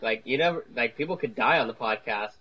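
A man's voice: mid-range voice, a little fast. A man co-hosting a podcast in casual chat, dropping in dry joking remarks. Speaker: podcast co-host. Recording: dull lo-fi sound.

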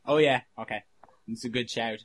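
Husky-voiced rambling male podcaster. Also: medium pitch, steady tone, moderate pace, a bit bright, low-quality recording. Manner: rambling, self-interrupting, swears freely. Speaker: podcast co-host. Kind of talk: casual chat.

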